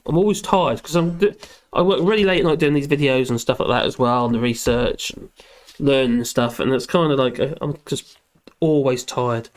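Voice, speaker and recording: A man's voice: medium pitch, moderate pace. A man hosting a casual live stream, chatting in a rambling way and reading out viewer comments at his computer. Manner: rambling, chatty, with fillers, talking to his dog between comments.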